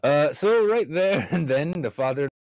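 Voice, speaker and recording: A man's voice: a little high, lively intonation, a little slow, a little mellow, no room sound. Man, comedy podcast host, irreverent news reading, laughs often, trips over names, dry sound.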